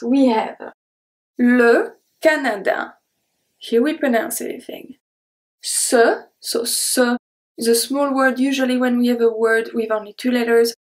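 A woman teaching a French pronunciation lesson. She says each word slowly, repeats it, then explains it patiently. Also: a little high, steady tone.

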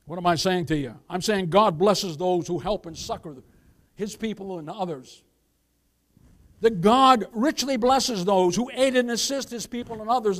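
Male pastor, high voice, emphatic sermon delivery, keeps asking for amens. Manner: addresses listeners as "beloved", keeps asking for amens; emphatic preaching with scripture quotes.

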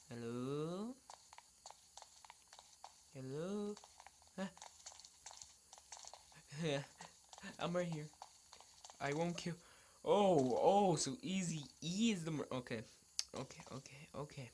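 A woman commentating her gameplay, excitable and trash-talking, swearing often and repeating words in taunting bursts. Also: on the low side, slight background noise. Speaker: gaming channel host.

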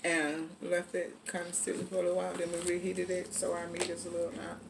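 A woman hosting a casual mukbang vlog at a home dinner table, chatty and laughing, with relaxed colloquial speech. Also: fairly low pitch, fast talker, vocal fry, noisy background. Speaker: vlog host.

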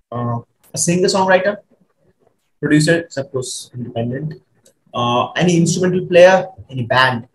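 A man from India, hosting a casual podcast interview, halting and filling pauses as he asks. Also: a little high, roomy sound, rough recording. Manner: hesitant, many fillers and restarts. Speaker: podcast host.

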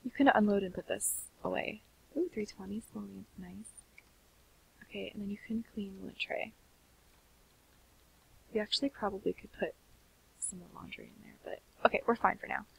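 A young woman giving sleepy, chatty commentary on a life-sim game, often slipping into soft half-whispers. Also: medium pitch, moderate pace, creaky, pauses often, slight background noise, rough recording. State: sleepy, keeps yawning. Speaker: gaming channel host. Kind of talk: casual gameplay commentary.

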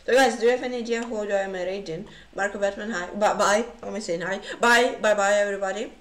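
Excitable woman streaming chess, roomy echo. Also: mid-range voice, quick pace. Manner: excitable, frequent gasps and exclamations. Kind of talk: casual livestream commentary.

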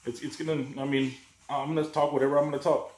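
A slightly high-voiced gun vlogger talks quickly in a level tone, ranting with heavy swearing and sarcasm. He frequently mocks others by raising his voice, and the echoey room picks up background noise.

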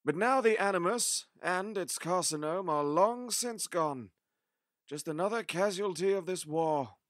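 A man's voice: high-pitched, lively intonation, unhurried, fairly bright tone, no room sound, clean studio sound. A man playing the Doctor, grave and weary. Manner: grave, emphatic. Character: the Doctor, weary grave old time-traveller. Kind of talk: audio drama acting.

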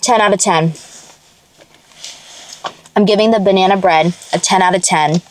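A woman's voice: mid-range voice, moderate pace, a little hiss or hum. Chatty woman hosting an eating show. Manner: chatty, tasting food between lines, addresses viewers as friends. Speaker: mukbang host. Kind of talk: casual eating-show chat to viewers. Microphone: close mic that picks up swallowing.

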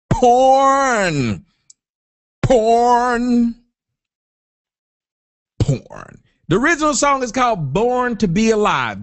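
A man hosting an online talk show, ranting loudly and profanely in a comic style. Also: very high-pitched. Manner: loud, profane, animated, breaks into sung chants. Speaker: host.

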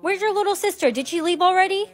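A woman's voice: very high voice, fast, soft background music. A woman playing a strict mother and teacher who lectures firmly. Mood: stern. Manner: lecturing, firm.

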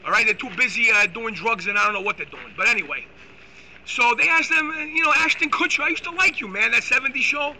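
A man hosting a live stream, ranting loudly and excitably with crude insults. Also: very high voice, quick pace, a little hiss or hum, rough recording. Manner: loud, excitable, profane, insulting. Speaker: host. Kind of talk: live-streamed political rant.

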